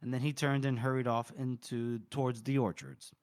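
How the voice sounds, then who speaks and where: A young man co-hosting a podcast, casually retelling a book chapter with quick voiced quotes and laughs. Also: medium pitch, flat delivery, darkish tone. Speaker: podcast co-host.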